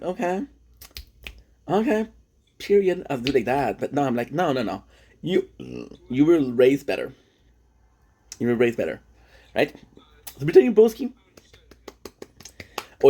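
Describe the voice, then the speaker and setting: A man's voice: medium pitch, darkish tone, husky. A man from Quebec, Canada, streaming a rambling, joking casual monologue full of tangents. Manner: rambling, tangent-prone, joking, self-deprecating.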